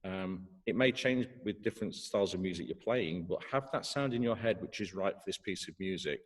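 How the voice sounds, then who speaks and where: A man's voice: sits low, a little fast, breathy edge, in a large hall. A middle-aged man teaching trombone in an online masterclass, hesitant, with many fillers and restarts.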